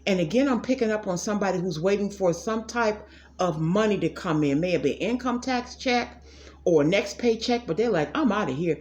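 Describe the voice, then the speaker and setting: A middle-aged woman doing a casual psychic reading for her viewers. She is blunt and sassy and keeps calling them "y'all". Her voice sits at an ordinary middle pitch. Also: lively intonation, normal speed, a little mellow. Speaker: psychic tarot reader. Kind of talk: casual direct-to-camera reading.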